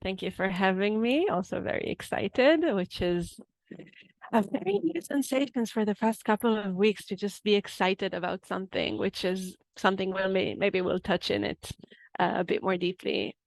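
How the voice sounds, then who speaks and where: A woman's voice: medium pitch, moderate pace, gravelly, no room sound. Woman from Israel, yoga therapist guest, searching for words, dry close recording. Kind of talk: interview conversation.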